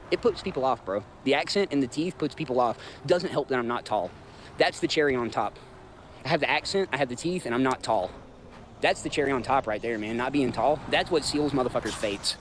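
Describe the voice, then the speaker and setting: There's slight background noise as a thirtysomething man with a Southern US accent rants on his livestream. His mid-range voice carries a blunt, profane, rambling talk aimed right at his chat.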